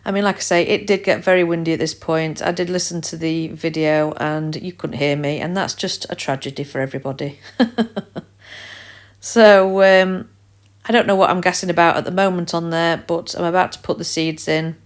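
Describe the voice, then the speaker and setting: Speaking on the low side at a moderate pace and a fairly even intonation, a woman chats casually for her gardening vlog from a windy allotment, rambling and cheering herself on. The voice itself is dry, though wind and traffic noise come through outdoors.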